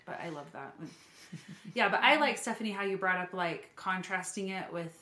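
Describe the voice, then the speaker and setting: A woman's voice: fairly low pitch, lively intonation, normal speed, pushed and bright. Affirming woman guest, echoey room. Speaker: podcast guest. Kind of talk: casual chat.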